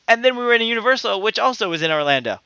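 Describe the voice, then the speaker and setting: A man telling a rambling travel story in casual, profane chat, heavy with swearing and animated asides. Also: high voice, rapid-fire, smooth, no echo, lo-fi sound.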